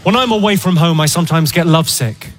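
A male stand-up comedian delivering dry, deadpan one-liners. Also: fairly high pitch, quick pace. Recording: loud crowd and noise.

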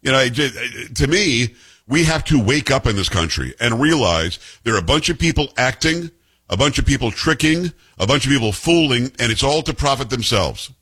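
A man's voice: mid-range voice, lively intonation, normal speed, pushed and bright, husky. A middle-aged man with a New York Italian-American accent, giving blunt, sarcastic political commentary as host. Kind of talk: opinionated commentary.

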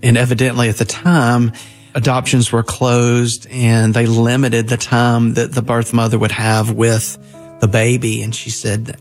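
A man's voice: lowish voice, monotone, unhurried, soft background music. A minister in his fifties tells his adoption story in an earnest, heartfelt way, often restarting his sentences. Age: 50s. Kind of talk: personal storytelling.

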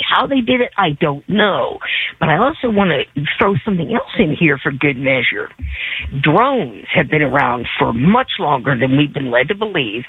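A woman's voice: lowish voice, slightly rough, no room sound. A woman from Virginia calling in to a radio show, rambling through conspiratorial musings. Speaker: radio caller. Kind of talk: phone-in call. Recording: tinny phone line.

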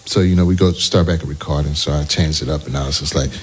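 A man, a musician guest, telling animated anecdotes in a casual interview. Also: extremely low pitch, fast. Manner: animated anecdotes, breaks into sung snippets and quoted voices.

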